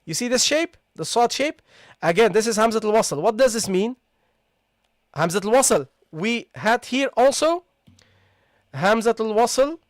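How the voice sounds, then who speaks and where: High-voiced man teaching recitation. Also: expressive, no room sound, studio quality. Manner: explains step by step, repeats words slowly and asks "okay, guys?". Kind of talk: live online tajweed lesson.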